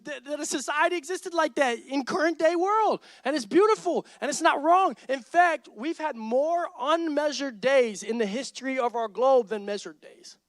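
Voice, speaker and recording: A man's voice: very high voice, moderate pace, hardly any pauses, dry recording. A man in his thirties preaching a sermon as pastor, telling stories and acting out both sides of conversations. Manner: animated storytelling, acts out dialogue.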